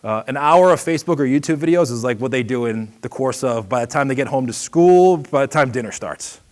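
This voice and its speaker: A middle-aged man from Boston with a Boston accent, giving a quick, energetic, conversational seminar talk. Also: mid-range voice. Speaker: seminar presenter. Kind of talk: trade show seminar talk.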